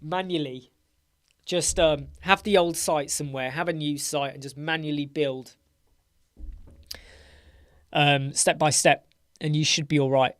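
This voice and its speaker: A man's voice: fairly high pitch, steady tone, a little slow, pauses often, no room sound, studio quality. A middle-aged man from England hosting a casual live Q&A stream. He sounds tired and yawns now and then, chats loosely and greets viewers by name. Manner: chatty, greets viewers by name, repeats words. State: tired, yawning. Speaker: livestream host.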